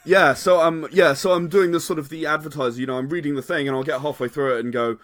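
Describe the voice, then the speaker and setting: A man's voice: a little high, fairly even intonation, fast talker, few pauses, fairly bright tone, no room sound, clean studio sound. A man, a game designer chatting as a podcast guest, rambling and qualifying himself with frequent laughs. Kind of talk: casual podcast interview.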